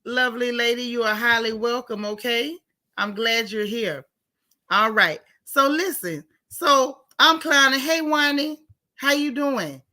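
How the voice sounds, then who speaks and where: Woman livestream host, bright tone, slightly high voice, animated chat greetings. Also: measured pace. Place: home in Texas.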